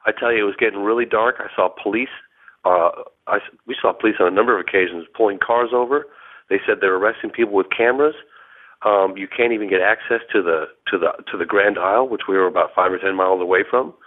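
A man calling in from a hotel room, telling his story in a rambling, halting way full of restarts. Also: on the low side. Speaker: phone-in guest investigator. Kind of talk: excited phone-in account. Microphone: telephone. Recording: tinny phone line.

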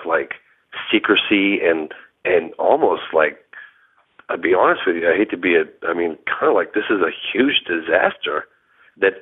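Caller, male, low voice, rambling and halting, heard over a thin phone line. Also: husky. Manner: rambling, halting, full of restarts. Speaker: phone-in guest investigator. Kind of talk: excited phone-in account. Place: hotel room. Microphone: telephone.

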